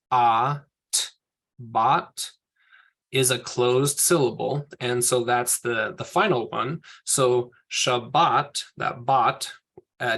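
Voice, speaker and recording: A man's voice: mid-range voice, fairly bright tone. A man teaching a language class over a video call, explaining rules patiently and step by step. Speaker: Hebrew teacher. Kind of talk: online class lecture.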